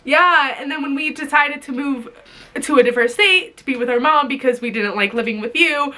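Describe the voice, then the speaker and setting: A young woman with a high, bright voice rants straight to camera. She is bitingly sarcastic and swears freely, and her voice catches with emotion at times. She speaks in an emotional vlog style. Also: normal speed. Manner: bitterly sarcastic, swearing, voice breaking. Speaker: vlogger. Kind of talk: emotional direct-to-camera rant.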